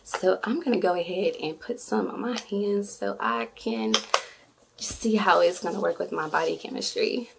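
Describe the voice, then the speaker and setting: A woman's voice: lowish voice, lively intonation, moderate pace, vocal fry, noisy background. A woman vlogging an unboxing, chatty and effusive, often squealing with delight. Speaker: beauty vlogger. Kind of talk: excited unboxing vlog.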